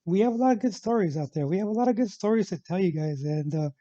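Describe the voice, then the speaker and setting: Guy vlogging a long story, rambles, keeps saying actual, mellow tone, lo-fi mic. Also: high-pitched, expressive, fast, no room sound. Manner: rambling, full of fillers and restarts, repeats "actual". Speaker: vlogger telling a personal story. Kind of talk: casual storytelling. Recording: dull lo-fi sound, dry.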